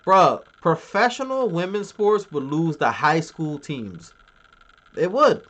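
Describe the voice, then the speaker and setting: A man's voice: fairly high pitch, big pitch swings, takes it slowly, a bit bright. A man on a live stream, reading his chat aloud and bragging in a crude, joking way.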